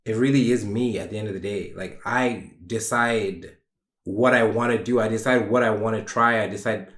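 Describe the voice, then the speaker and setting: A man's voice: fairly low pitch, steady tone, normal speed, a bit bright. A young man hosting a solo podcast, talking in a rambling, emotional, candid way and swearing casually. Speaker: podcast host. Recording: roomy echo.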